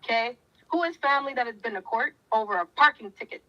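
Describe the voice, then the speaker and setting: A woman's voice: a little high, expressive, fast, sharp tone. A woman talking to her viewers in a fiery, preachy way, firing off repeated questions. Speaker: commentator. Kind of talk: impassioned talk to viewers. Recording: muffled lo-fi audio.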